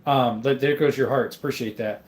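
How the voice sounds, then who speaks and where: A man from Arizona rambling casually while answering viewer comments on a livestream, his throat rough and dry, filmed on a phone on a stand. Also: medium pitch, fairly even intonation, fairly quick. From Arizona, USA. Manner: rambling, with many ums and laughs. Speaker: livestream host. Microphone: phone camera on a stand.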